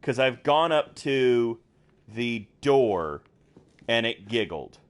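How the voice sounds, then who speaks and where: A man's voice: mid-range voice, animated, slow pace. A young American man streaming a game, chatting casually and rambling with lots of fillers and restarts. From United States. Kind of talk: casual gameplay chat.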